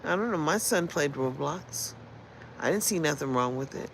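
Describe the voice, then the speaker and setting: Gravelly, blunt woman in her sixties. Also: low-pitched, lively intonation, normal speed, a little hiss or hum, low-quality recording. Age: 60s. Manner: blunt, profane, rambling. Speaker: livestream host. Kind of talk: casual livestream rant. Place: in Las Vegas.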